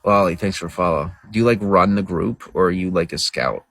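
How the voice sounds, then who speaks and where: Gravelly, low-voiced crude male streamer. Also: brisk, a bit bright, no room sound, poor audio. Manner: crude, boastful and rambling. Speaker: livestreamer. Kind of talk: casual livestream talk to viewers. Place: outdoors by a road.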